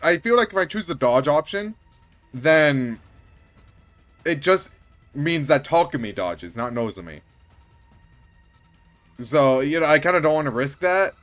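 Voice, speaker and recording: A man streaming a game, chatting casually and breaking into excited yelling and laughter. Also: fairly high pitch, moderate pace, pauses often, soft background music. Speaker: gaming streamer. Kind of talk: casual let's-play commentary.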